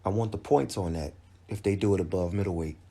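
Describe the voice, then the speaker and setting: A man's voice: sits low, quick pace, dark tone, breathy edge. A man giving a casual boxing fight recap as a channel host, conversational and emphatic, often restarting his sentences. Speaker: boxing commentator. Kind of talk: casual video commentary.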